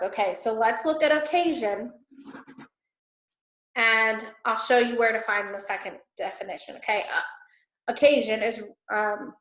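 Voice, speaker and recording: A woman teacher giving patient, step-by-step instructions to students, often checking in with "okay?". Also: on the high side. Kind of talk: classroom instruction recorded for students. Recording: echoey room.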